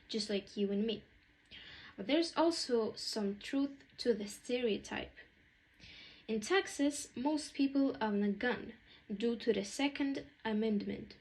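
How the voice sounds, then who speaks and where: Young woman reading out a school project, a bit high-pitched, plain delivery. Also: a little mellow, low-quality recording. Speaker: student presenter.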